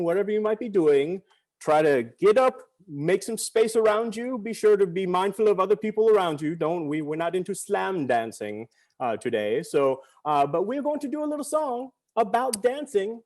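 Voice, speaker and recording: High-voiced jokey male event host. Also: darkish tone. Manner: jokey, upbeat, theatrical. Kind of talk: playful online event hosting.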